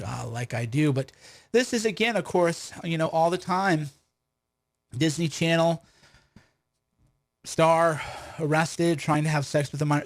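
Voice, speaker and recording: A man hosting a livestream commentary, combative and full of rhetorical questions and restarts. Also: a little high. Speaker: commentator and host of his own stream.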